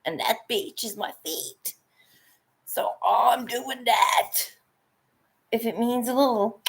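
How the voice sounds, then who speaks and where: A woman's voice: on the high side, fairly even intonation, slow, creaky, breathy edge. A middle-aged woman chatting casually while she paints, swearing freely and laughing often. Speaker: painting vlogger.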